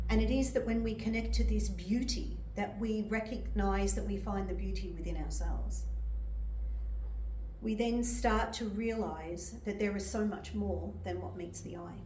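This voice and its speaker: An older woman preaches gently from a distance, her voice bouncing around an echoey hall. She shares personal testimony with emotion and laughs often as she speaks. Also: mid-range voice, slight background noise. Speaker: medium and reverend. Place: church hall.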